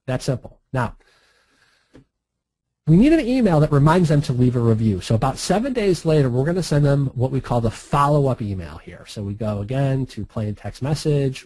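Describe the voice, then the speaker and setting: A man's voice: medium pitch, lively intonation, normal speed, mellow, no echo, rough recording. A man walking through a screen-share marketing tutorial in a chatty, breezy way, with frequent laughs and asides. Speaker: online marketing instructor.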